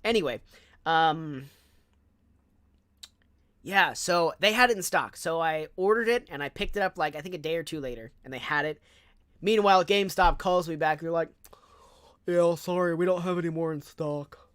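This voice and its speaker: A young man from Southern California streaming, telling a casual story in a chatty, animated way with lots of fillers and asides. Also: on the high side, moderate pace, pauses often, clean tone, no echo, studio quality.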